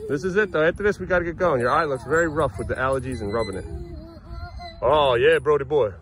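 A man's voice: medium pitch, fast talker. A father filming a vlog at a playground, sternly scolding his kids and muttering exasperated asides to the camera on a handheld phone. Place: outdoor playground.

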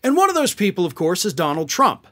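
A man's voice: high-pitched, huge pitch swings, fast, a bit bright. A man hosting political commentary, talking in a sarcastic, mocking and exasperated way.

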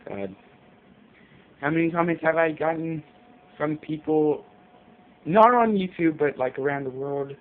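A man swearing constantly as he rambles in a casual vlog from his bedroom. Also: medium pitch. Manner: profane, rambling, jumpy. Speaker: vlogger. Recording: tinny lo-fi audio with faint hiss.

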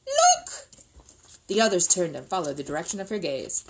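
A woman reading a children's book aloud in an expressive, lilting way. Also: lowish voice, fast talker, heavy background noise. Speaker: reader.

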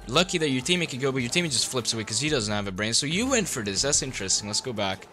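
A man's voice: mid-range voice, sing-song, racing, bright, forceful tone, soft background music. A young man coaching a player through a game replay, blunt, sarcastic and full of swearing.

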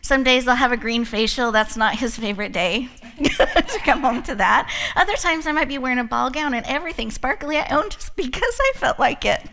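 A woman's voice: high voice, fairly quick, hardly any pauses. A woman hosting an event, giving a motivational talk full of personal stories and frequent laughter. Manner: laughs often, animated storytelling. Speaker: event host and speaker.

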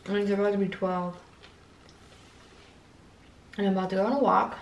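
A woman's voice: medium pitch, steady tone, normal speed, reverberant, distant mic, muffled recording, slight background noise. A young woman talking casually to the camera in a vlog, rambling and swearing as she chats about her day. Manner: rambling, swears casually, fillers and self-talk. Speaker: vlogger.

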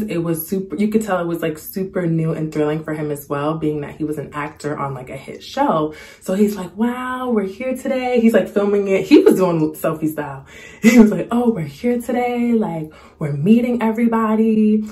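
A young woman chatting casually to the camera, telling a story and acting out the quotes in a higher voice. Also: a little mellow. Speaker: storytime vlogger.

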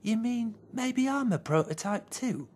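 A storyteller putting on a small, shy young teddy bear who asks soft, wondering questions. His voice sits high and gentle in a storybook read-aloud. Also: expressive, a little slow. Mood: timid. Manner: timid and wondering.

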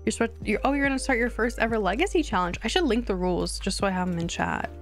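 A woman streamer chatting casually while she plays a life-simulation game, rambling and quick to get excited. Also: mid-range voice, soft background music. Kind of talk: casual gameplay commentary.

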